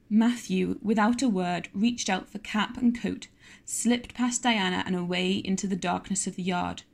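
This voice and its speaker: A woman reads a classic novel aloud in a steady, measured voice. Her pitch sits in the middle range for a woman. She keeps a clear storytelling pace. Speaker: audiobook narrator. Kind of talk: audiobook narration.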